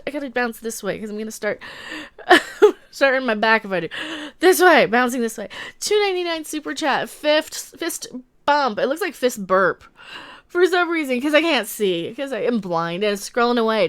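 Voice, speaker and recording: Chatty, high, smooth-voiced woman streamer. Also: a bit bright. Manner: chatty, laughs often, reads donations aloud. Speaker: livestream host. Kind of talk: casual livestream chat.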